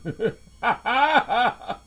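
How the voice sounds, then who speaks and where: A male podcast host with a gravelly, creaky voice. He talks in a loose, profane monologue and swings his pitch widely, breaking into laughter now and then. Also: expressive, drawn-out words, sharp tone. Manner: loose, profane, laughs often, jumps between topics. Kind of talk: casual monologue.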